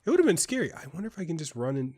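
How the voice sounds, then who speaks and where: A man's voice: on the high side, huge pitch swings, rapid-fire, a little mellow, slight background noise. A young man co-hosting a casual game playthrough, chatty and rambling as he tells stories. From Canada. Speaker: gaming co-host. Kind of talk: casual gameplay chat.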